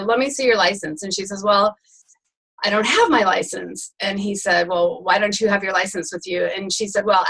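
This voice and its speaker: A woman co-hosting a casual sales show, chatty and animated, laughing often as she tells a joke. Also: mid-range voice, poor audio. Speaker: co-host. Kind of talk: casual chat.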